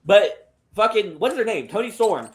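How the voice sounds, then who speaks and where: A man's voice: fairly high pitch, animated, fairly quick, fairly bright tone. A man co-hosting a casual podcast, blunt and profane, often laughing. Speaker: podcast co-host. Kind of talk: casual chat.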